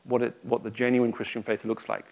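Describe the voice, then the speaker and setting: Lively, humorous man giving a talk. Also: medium pitch, fairly quick, gravelly. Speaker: Christian speaker addressing an audience. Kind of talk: public talk with anecdotes. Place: room with a live audience.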